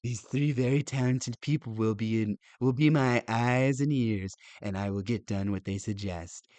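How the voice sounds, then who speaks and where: A man putting on an impression of a blustering older male politician, with halting, repetitive phrasing. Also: mid-range voice, a little mellow, no echo, close to an everyday voice. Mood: mock-pompous.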